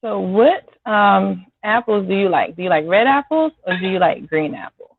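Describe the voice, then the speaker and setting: A woman chatting with her viewers by name while she cooks in her home kitchen on a live stream, apologizing now and then as she clears a scratchy throat. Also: mid-range voice, expressive, moderate pace, no room sound. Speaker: home cook hosting a live cooking stream. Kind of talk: casual live-stream chat while cooking. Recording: dry, tinny phone-like sound.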